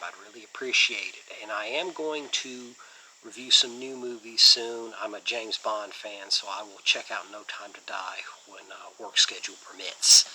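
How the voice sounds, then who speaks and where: A man's voice: mid-range voice, bright, forceful tone, a little hiss or hum, low-quality recording. A man hosting a casual movie review channel, rambling enthusiastically with lots of fillers.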